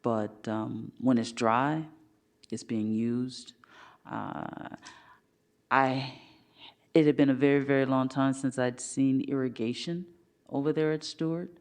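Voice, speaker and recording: Man commissioner, slow-spoken, gravelly, loose and chatty. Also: medium pitch. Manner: casual, rambling. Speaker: parks commissioner. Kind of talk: public meeting report. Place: city council chamber.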